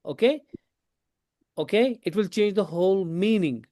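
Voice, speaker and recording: A man teaching a tajweed class in a classroom. He explains slowly, asks his students questions, repeats his points and switches into Hindi now and then. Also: sits high, dark tone, no echo, studio quality. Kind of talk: classroom lesson.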